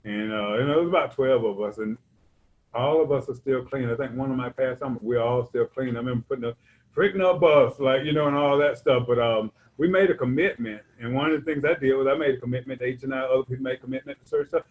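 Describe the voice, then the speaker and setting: In a low-quality recording, a Georgia man with a mid-range voice talks at a quick pace, sharing his personal story from the stage of a recovery convention's hall. He rambles in a chatty way, frequently dropping "you know what I'm saying."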